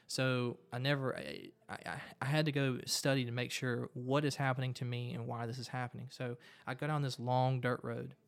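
A man, a guest on a conversational show, telling a personal story in a lively way and often repeating words as he goes. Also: medium pitch, normal speed, gravelly, hardly any pauses.

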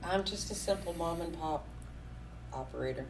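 A middle-aged woman who runs a small business, talking bluntly and getting animated in a casual conversation. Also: on the low side, moderate pace, distant mic, a little hiss or hum, low-quality recording. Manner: blunt and opinionated, gets animated.

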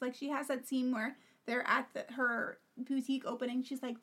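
High-voiced chatty woman podcaster. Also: little pitch movement, fast, fairly bright tone, slightly rough. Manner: chatty, opinionated, often drops to a whisper. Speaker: podcast co-host. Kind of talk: casual chat.

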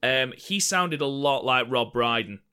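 Bright-voiced chatty podcast man. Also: mid-range voice, lively intonation, unhurried, smooth. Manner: chatty, jokey, swears casually. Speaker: podcast co-host. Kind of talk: casual wrestling review chat.

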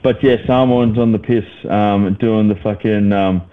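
A man's voice: fairly low pitch, fairly even intonation, a little slow. A man co-hosting a casual podcast, blunt and swearing, often breaking into laughter. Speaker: podcast co-host. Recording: dull lo-fi sound.

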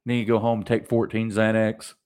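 A man's voice: on the low side, little pitch movement, brisk, darkish tone, smooth. A young adult man hosting a solo podcast, ranting animatedly and mocking people in put-on voices. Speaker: podcast host.

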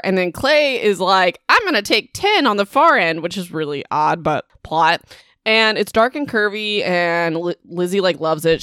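A woman's voice: lowish voice, a bit bright, clean tone, no room sound, studio quality. A woman podcast host casually recapping a book, chatty and full of asides. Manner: chatty, lots of fillers and asides.

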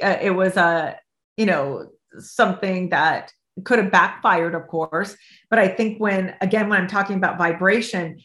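A middle-aged woman speaks as an interview guest, a life coach sharing a personal story. She brings the dialogue to life, shifting into the voices of the people she describes. Her voice carries a noticeable room echo, at a mid-range pitch. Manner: acts out both sides of remembered dialogue, lively and expressive. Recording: roomy echo.

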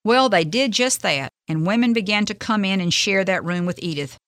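A woman hosting a radio devotional, reading a faith story in an earnest, gentle, measured way. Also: mid-range voice, dry recording, clean studio sound.

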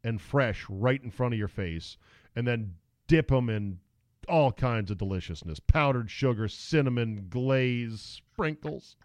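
A middle-aged man hosts a podcast, telling stories with animated, sarcastic flair in a casual chat. His medium-pitched voice moves unhurriedly, with no room sound in the recording.

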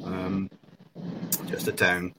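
A man's voice: low-pitched, monotone, drawn-out words, bright, forceful tone, a little hiss or hum, poor audio. A Scottish man who is a guest on a casual chat, easygoing and plain-spoken. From Scotland.

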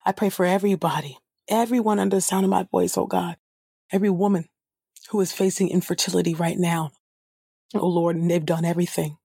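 Husky-voiced woman reading scripture and praying. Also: on the low side, fairly even intonation, brisk, warm tone, no echo, studio quality. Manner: fervent prayer with repeated "oh God" and restarts. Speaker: Bible reader and prayer leader. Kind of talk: scripture reading and spontaneous prayer.

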